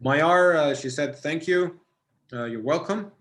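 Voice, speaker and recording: A man's voice: on the high side, unhurried, a bit bright. A man with an Egyptian accent teaching an online test-prep class, encouraging and reading out students' answers. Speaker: SAT tutor.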